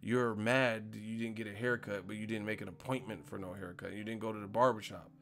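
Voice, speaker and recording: A man's voice: fairly low pitch, steady tone, brisk, fairly bright tone. A man hosting a casual live stream, ranting with profanity and disbelief, often laughing at his own points.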